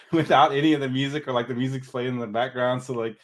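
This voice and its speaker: A man's voice: mid-range voice, fairly even intonation, fast talker. A man co-hosting a podcast, chatting casually in a rambling, easygoing way. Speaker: podcast co-host. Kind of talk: casual chat.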